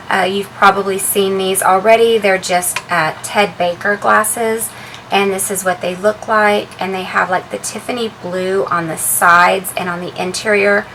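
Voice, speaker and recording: A woman vlogger chatting casually as she shows the contents of her handbag, relaxed and full of ums and uhs. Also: medium pitch, creaky, slight background noise, rough recording. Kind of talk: casual show-and-tell vlog.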